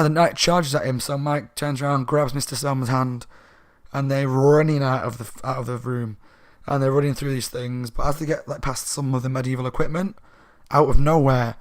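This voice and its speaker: A man with a sore throat casually retelling a book plot as a reviewer, rambling and animated. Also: mid-range voice. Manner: rambling, animated, laughing asides.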